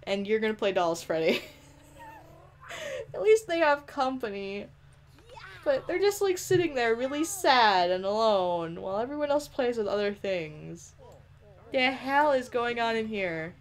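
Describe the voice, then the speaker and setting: A playful woman giving game commentary with a slightly high voice that swoops up and down a lot. She giggles often and teases the characters, scolding them directly as she plays. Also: sing-song, measured pace. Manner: talks straight to the characters on screen. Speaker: let's play host. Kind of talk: gameplay commentary.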